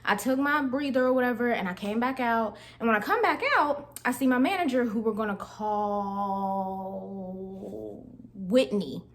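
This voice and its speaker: A woman's voice: on the high side, normal speed. A young woman vlogger telling a casual storytime, chatty and slangy, talking straight to her viewers.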